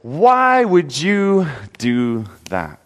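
Preacher doing incredulous male friends, high-pitched and exasperated, echoing room. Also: lively intonation, fairly bright tone. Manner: exasperated, rapid questioning.

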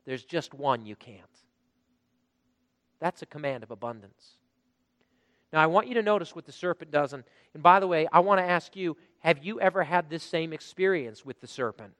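A man's voice: on the high side, lively intonation, normal speed, a bit bright, in a large hall. A pastor preaching a sermon to his congregation with dynamic delivery, asking them rhetorical questions.

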